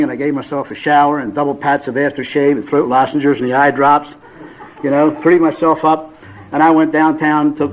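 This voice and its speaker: Speaking to an audience at a recovery meeting, a man in his seventies tells funny personal stories in a folksy, self-mocking way, full of fillers and restarts. His voice is fairly high, and the audio is poor.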